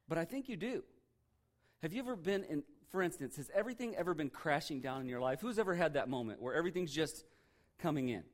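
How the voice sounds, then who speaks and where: A middle-aged male pastor preaching a sermon in a fairly high voice. He talks casually and keeps throwing rhetorical questions at the listeners.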